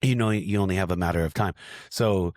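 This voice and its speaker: A man's voice: low-pitched, brisk, a little mellow, no echo, clean studio sound. A middle-aged man chatting on a podcast in a supportive, laid-back way, full of "dude" and "bro". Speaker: podcast co-host. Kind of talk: casual chat.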